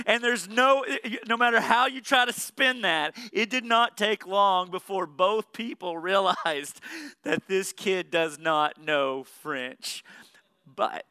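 A man's voice: sits high, a little slow, pushed and bright, clean tone, no room sound. A man in his thirties from Saline County in the United States, preaching a sermon with earnest points and humorous personal stories. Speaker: pastor.

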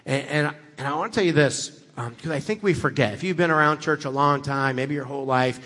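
A man preaching as a guest speaker, telling a story with lively acted-out dialogue. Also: a little high, brisk, big-room sound. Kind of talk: storytelling sermon.

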